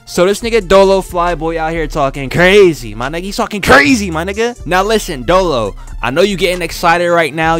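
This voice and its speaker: A young man trash-talks a rival in a boastful, profane YouTube rant. His fairly high voice swings up and down with animated energy, over faint music in the background. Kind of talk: trash-talking diss rant.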